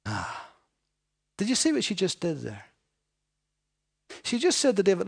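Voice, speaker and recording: Animated high-voiced male preacher. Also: unhurried, creaky, pauses often, breathy edge. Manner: animated, joking with the congregation. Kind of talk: sermon.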